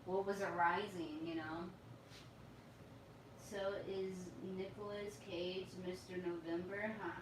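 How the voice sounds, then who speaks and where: A woman's voice: on the low side, steady tone, takes it slowly, background noise. A woman hosting a casual livestream dinner chat, rambling and giggly, with lots of fillers. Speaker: livestream host. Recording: roomy, echoey sound from a distant mic.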